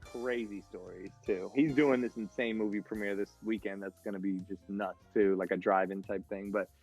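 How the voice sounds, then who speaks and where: A man's voice: lowish voice, steady tone, moderate pace, a little mellow, slightly rough, soft background music. A man, a guest DJ, telling stories in a rambling, casual way, filling his speech with "like". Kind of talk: casual storytelling.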